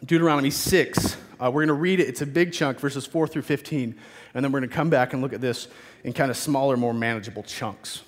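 A man's voice: medium pitch, brisk, long reverb tail. A man preaching a sermon, retelling scripture in casual modern speech and voicing the figures in it.

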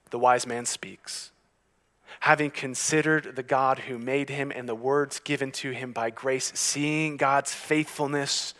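Bright-voiced man preaching a sermon. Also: mid-range voice. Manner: earnest preaching, shifting from hushed to emphatic; reads scripture aloud. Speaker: pastor.

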